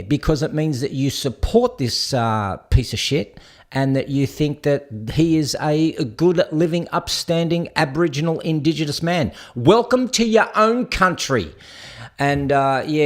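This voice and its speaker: An Australian man hosting a casual livestream, talking in a blunt, crude, rambling way with lots of fillers. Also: medium pitch. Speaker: streamer host.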